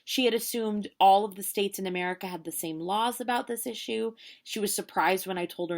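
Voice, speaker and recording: A woman in her late twenties telling a long story in casual, animated chat, quoting people as she goes. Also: mid-range voice, fairly quick, few pauses. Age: 20s. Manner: animated, chatty storytelling with quoted voices. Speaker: vlogger.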